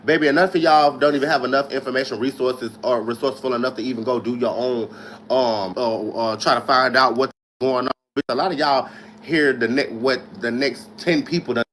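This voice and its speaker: A man chatting on a livestream, speaking in an animated, emphatic and defensive way. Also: mid-range voice, a little fast, slight background noise. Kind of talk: livestream chat.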